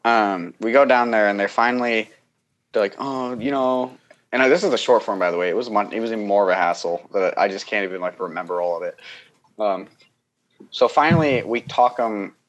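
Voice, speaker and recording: A young man with a fairly low voice tells a long, winding story in casual conversation. He keeps restarting sentences and slips into quick impressions of the people involved. He laughs often along the way. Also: highs cut off. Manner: rambling, animated, acts out the people he quotes, laughs often. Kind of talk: casual chat.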